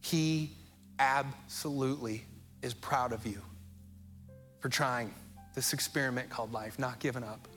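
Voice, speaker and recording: Earnest, bright-voiced male pastor preaching. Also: medium pitch, fairly even intonation, soft background music. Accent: American. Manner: emotional, earnest, speeds up and slows down for emphasis. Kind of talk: sermon.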